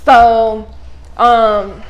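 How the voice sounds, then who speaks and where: A young adult woman telling a story to her vlog audience in a casual, animated, blunt way, full of slang and swearing. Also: on the high side, drawn-out words, low-quality recording. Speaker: vlogger.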